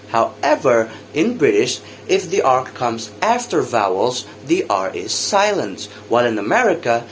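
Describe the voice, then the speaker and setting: A young man, a student teacher with an Indonesian accent, runs a practice English lesson, drilling example words by repeating them slowly. His pitch is medium, and the recording has a slight hiss or hum.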